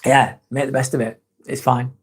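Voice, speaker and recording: A man's voice: mid-range voice, level tone, normal speed, slightly rough. A man hosting a casual live-stream chat, reading viewer comments aloud and answering them in a blunt, frank way with constant swearing.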